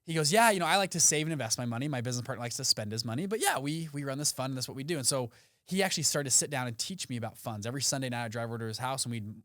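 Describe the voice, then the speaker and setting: Young man, podcast guest, quick animated storytelling, dry close sound. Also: mid-range voice, no echo. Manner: animated storyteller, acts out quotes. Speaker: podcast guest, fund founder. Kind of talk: casual storytelling interview.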